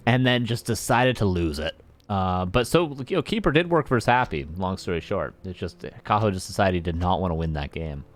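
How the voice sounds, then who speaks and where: A man casting a live strategy game match, chatty and playful with joking asides. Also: on the low side. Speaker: esports caster. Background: faint game music.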